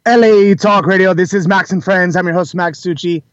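A man hosting a talk radio show, chatting warmly and effusively to his listeners. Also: high voice, fairly even intonation, moderate pace. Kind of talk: casual talk radio monologue. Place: indoors, calling in live from a holiday trip. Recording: dull lo-fi broadcast audio.

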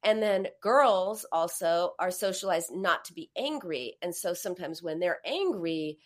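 A woman's voice: on the low side, animated, measured pace, hardly any pauses. A middle-aged woman hosting a live advice conversation, talking in a reassuring way and acting out comforting words. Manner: warm, reassuring, acts out comforting quotes. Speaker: host and therapist.

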